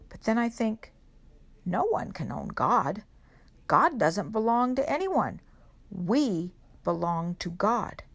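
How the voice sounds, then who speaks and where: A woman reading a children's picture book aloud at a church service for kids, gentle and unhurried, pausing to put questions to the children. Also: medium pitch, very animated, vocal fry. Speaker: reader at a children's worship service.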